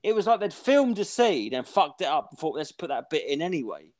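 Man, 40s, podcast co-host, rambling, sweary, a touch high-pitched. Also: brisk. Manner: rambling, sweary, animated storytelling. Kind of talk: casual chat.

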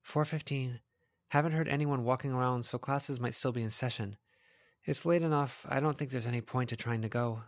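A man voicing a brisk, practical teenage girl, lifting his pitch and keeping it matter-of-fact in an audiobook reading. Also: steady tone, dry recording, studio quality, lightly acted.

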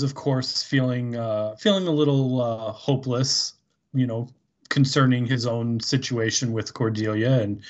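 Male podcast co-host, casual, slow and meandering, muffled lo-fi audio. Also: mid-range voice. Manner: rambling, full of fillers, puts on voices. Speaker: podcast co-host recapping an episode. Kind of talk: casual chat.

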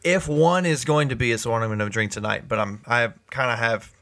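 A man's voice: medium pitch, fast, creaky, a bit bright, dry recording. A man co-hosting a casual beer podcast, rambling and correcting himself as he talks. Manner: rambling, self-correcting, chuckling. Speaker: podcast co-host. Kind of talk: casual chat.

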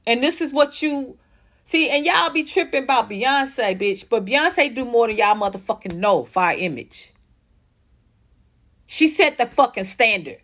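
A young woman ranting profanely as a commentary host, blunt and heated, jumping between fast outbursts and slow stressed words. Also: fairly high pitch, expressive, fairly bright tone.

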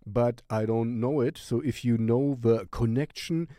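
A man's voice: mid-range voice, measured pace, mellow, no echo, clean studio sound. A man with a German accent recommending a song on his music channel, rambling and searching for words. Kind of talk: casual music recommendation vlog.

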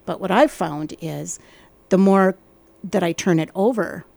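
Gravelly-voiced woman on a faith podcast. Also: on the low side, a little slow, a little mellow, no room sound.

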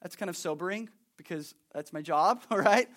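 A young man with a notably high voice delivers a sermon, talking to the congregation as if chatting with friends. He is animated and casual, slipping into acted-out asides and then dropping back to plain talk. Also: moderate pace. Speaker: pastor.

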